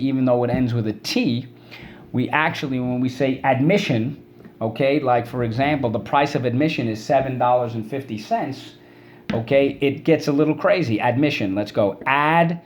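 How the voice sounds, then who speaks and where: A man's voice: medium pitch, normal speed, darkish tone. A man teaching a spelling and vocabulary lesson, drilling words syllable by syllable and prompting students to repeat after him.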